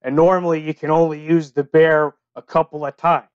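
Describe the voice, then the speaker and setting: Man doing a deadpan ex-circus sideshow guy, blunt, matter-of-fact, dry dull sound. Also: a little high, a little fast, clean tone, dry recording, close to an everyday voice. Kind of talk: improvised comedy podcast.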